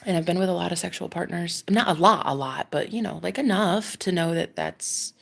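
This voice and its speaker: A woman's voice: fairly low pitch, fairly quick, creaky. A woman with a Welsh accent, a love coach talking openly in a rambling confessional monologue, full of restarts and laughs. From Wales.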